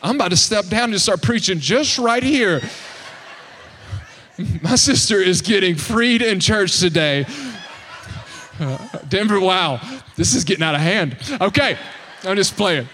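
A man in his thirties preaching in church, telling a funny story in an animated, excitable, self-mocking way. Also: high voice, a little slow, pauses often, a little hiss or hum. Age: 30s. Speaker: pastor. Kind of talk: humorous storytelling sermon. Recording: long hall reverb.

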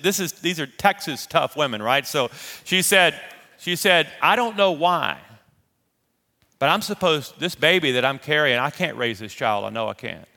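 Preaching in a big, echoing hall, this pastor has a voice on the high side. He animates a personal story from his sermon, slipping into the voices of the people he quotes.

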